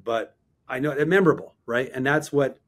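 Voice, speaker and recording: A man in his fifties, an interview guest who tells animated, self-deprecating anecdotes. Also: mid-range voice, a little fast. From Canada. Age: 50s. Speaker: guest, marketing executive.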